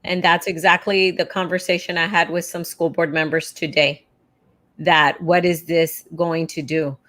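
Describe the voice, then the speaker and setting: A woman's voice: lowish voice, little pitch movement, normal speed, a bit bright. A woman leading an educators' association, talking earnestly and reassuringly in a casual live chat. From South Texas.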